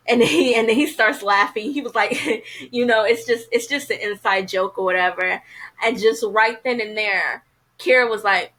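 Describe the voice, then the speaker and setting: A woman's voice: fairly high pitch, moderate pace, a bit bright, poor audio. A woman casually reviewing a TV episode, chatty and frank, filling her talk with "you know".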